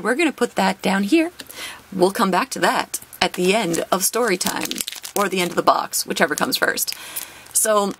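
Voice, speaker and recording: A woman's voice: mid-range voice, a bit bright. A young adult woman, a teacher hosting her own channel, tells an exasperated work story with laughs while opening a card box.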